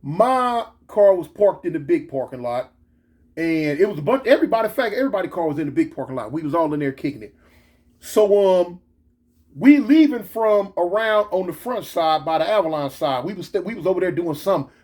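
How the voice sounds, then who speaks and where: A man telling a story in a casual, slangy, animated way. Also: sits high, a little fast. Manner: animated, slangy, switches into excited quoted voices.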